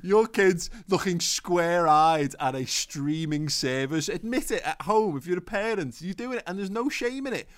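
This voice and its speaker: A man's voice: high-pitched, moderate pace, few pauses. A man in his thirties co-hosting a casual chat show, rambling and swearing, often restarting his sentences. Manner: rambling, sweary, self-interrupting. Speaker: podcast co-host.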